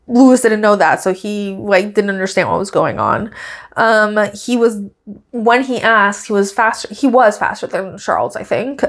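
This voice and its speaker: A woman hosting a podcast, talking in a casual, chatty, gossipy way. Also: medium pitch. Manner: chatty and gossipy, many fillers, laughs at her own stories. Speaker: podcast host. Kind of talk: casual chat recapping a race.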